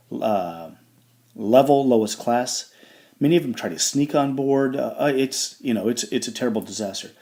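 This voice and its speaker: A man teaching a history lesson in a relaxed, conversational way, often checking in with his listeners. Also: mid-range voice. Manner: conversational, with frequent fillers and check-ins like "all right?". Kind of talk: classroom lecture.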